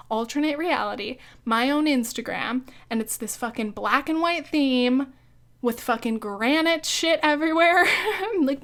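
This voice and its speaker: A young woman hosting a solo podcast, rambling casually with lots of fillers, cursing freely and laughing as she talks, hiccuping now and then. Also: high voice. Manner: chatty, profane, laughs often, filler-heavy. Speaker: podcast host.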